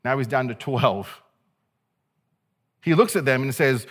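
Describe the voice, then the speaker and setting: A male pastor delivering a sermon in a lively, conversational way. He jokes with his listeners and acts out the people in the story. His voice sits at a middle pitch for a man. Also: a little slow, pauses often, slightly rough. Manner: animated, conversational preaching with playful asides.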